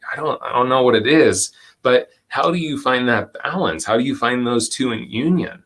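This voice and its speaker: A man leads a live online workshop in a gentle, reflective voice, slowing right down on the phrases he wants to land. His delivery is calm and encouraging as he picks up comments from the chat and answers them. The tone stays soft and unhurried throughout. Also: mid-range voice. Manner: gentle, reflective, with slow deliberate stretches and soft laughs. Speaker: presenter and educator.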